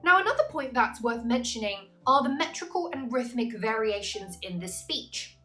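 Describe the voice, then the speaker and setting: A woman tutor giving a scripted, analytical literature lesson, slowing down to stress key terms. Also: fairly high pitch, expressive, bright, forceful tone, faint music behind. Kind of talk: scripted explanatory narration.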